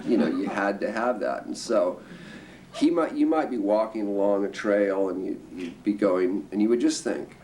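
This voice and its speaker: An older man from the Northern California coast telling rambling, lively family stories with frequent chuckles at a museum talk. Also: lowish voice, moderate pace. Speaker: storyteller guest. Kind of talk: anecdotal storytelling. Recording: distant mic with background noise.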